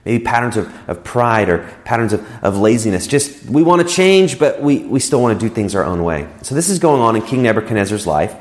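A man's voice: fairly low pitch, lively intonation, brisk, hardly any pauses. A man giving a conversational sermon as a pastor, explaining scripture in an easygoing way and often repeating words as he goes.

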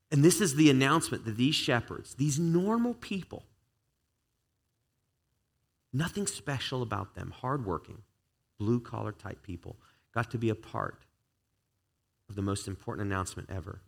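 Male pastor, casual sermon, mid-range voice, easygoing, talks to the congregation. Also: medium pitch. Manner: relaxed, chatty, many "like"s and restarts. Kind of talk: conversational sermon. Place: church service before a live congregation.

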